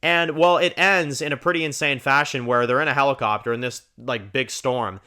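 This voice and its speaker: On his own TV review channel, a man walks through an episode in a loose, rambling way, full of "you know" and stumbling restarts. His voice is bright, forward, and of ordinary male pitch, with fairly even intonation and a fairly quick pace, and he livens up when retelling scenes.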